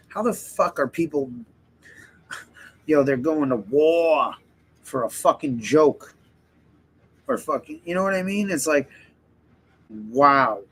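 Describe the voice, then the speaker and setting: A man's voice: fairly high pitch, breathy edge, low-quality recording. Rambling, profane man ranting on a stream. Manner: rambling and profane, heavy swearing; heated ranting. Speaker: livestream host. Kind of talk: casual livestream chat.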